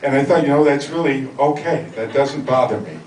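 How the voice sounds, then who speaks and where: A man's voice: medium pitch, fairly quick. Older man doing dry stand-up, echoey. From Chicago area, USA. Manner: dry self-mocking punchlines. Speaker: stand-up comedian. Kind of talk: stand-up routine. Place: comedy club. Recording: echoey, distant, noisy club recording.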